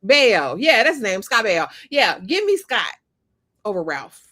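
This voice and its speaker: A woman's voice: medium pitch, big pitch swings, a little slow, a bit bright. A woman in a casual comedic chat, blunt and emphatic, who repeats her lines for comic effect. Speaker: co-host.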